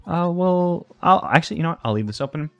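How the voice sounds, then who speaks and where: A man's voice: fairly high pitch, animated, fast, creaky, dry recording. A man hosting a let's play, rambling and hesitant as he talks to the game's pets. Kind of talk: casual game commentary.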